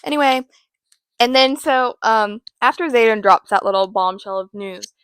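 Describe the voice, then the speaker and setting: Chatty rambling woman host, high voice. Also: moderate pace, fairly bright tone, clear, resonant tone, dry recording. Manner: rambling, chatty, self-mocking asides. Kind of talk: casual book recap chat.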